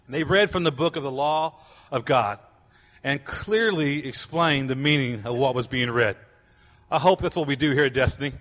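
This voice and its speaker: A man preaching as a church pastor, reading scripture and then building up to loud, fervent proclaiming. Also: fairly high pitch. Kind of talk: sermon. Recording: long hall reverb.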